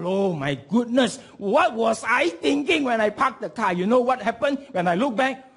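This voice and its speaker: A middle-aged man preaches in with a husky, high-pitched voice. He jumps between quiet asides and loud, stretched-out emphasis. His pitch rises and falls widely as he tells his story. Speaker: pastor. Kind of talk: sermon.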